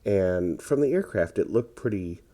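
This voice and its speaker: A man giving relaxed, rambling commentary over his own gameplay, tired and hesitant, with many fillers. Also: lowish voice, moderate pace. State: tired, yawning. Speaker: gaming commentator.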